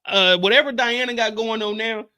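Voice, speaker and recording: A man hosting a live stream, recapping a TV episode in animated, profane, blunt commentary. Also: high-pitched, moderate pace, noisy background. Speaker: TV show recap host.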